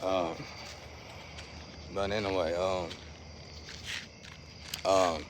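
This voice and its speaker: A man's voice: low voice, flat delivery, extremely slow, noisy background. A man giving a casual, rambling monologue to his viewers in loose slang. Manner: rambling, slangy, restless swings in loudness. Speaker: vlogger.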